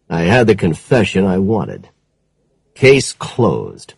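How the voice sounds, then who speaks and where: Slow, husky male audiobook narrator. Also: low voice, wildly swooping pitch, a little mellow, dry recording, rough recording. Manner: measured, dramatic storytelling. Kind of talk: first-person detective audiobook narration.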